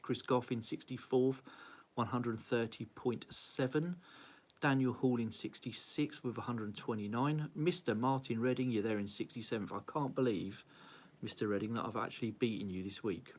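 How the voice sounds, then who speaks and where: A man hosting a casual live-stream rundown of a cycling club's leaderboard, cheery and chatty, greeting viewers by name and laughing at his own slips. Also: medium pitch. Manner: flustered, self-mocking. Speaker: cycling club host.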